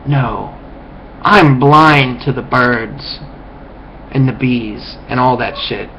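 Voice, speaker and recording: A man's voice: mid-range voice, takes it slowly, background noise. A man delivering a profane, contemptuous ranting monologue as a vlogger, lecturing his viewers.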